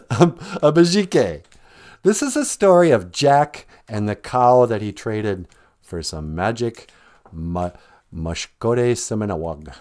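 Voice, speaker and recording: A man's voice: lowish voice, animated, slow pace, pauses often, darkish tone. A man hosting a podcast livestream, telling a folk tale in a jokey, folksy, casual way and laughing often. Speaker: podcast host and storyteller.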